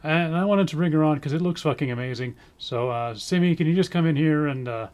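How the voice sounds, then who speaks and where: A man hosting in a casual chat, loose and unhurried, with many fillers. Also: on the high side, darkish tone. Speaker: show host.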